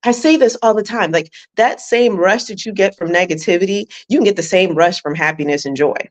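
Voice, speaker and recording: A woman's voice: mid-range voice, brisk. A woman hosting an interview as a life coach, encouraging and reflective, speaking straight to her listeners. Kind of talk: conversational interview.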